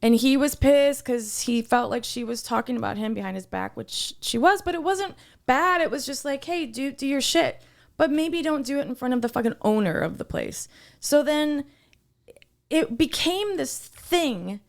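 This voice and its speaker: A woman with a high-pitched, gravelly voice and moderate pace co-hosts a podcast, launching into a workplace story. Her casual retelling turns heated and animated, and she curses often.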